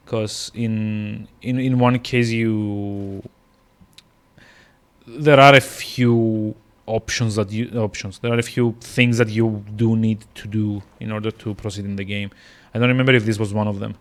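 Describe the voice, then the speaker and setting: A man's voice: fairly low pitch, little pitch movement, measured pace. A man streaming a video game, rambling with lots of fillers and restarts as he plays. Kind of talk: casual gameplay commentary.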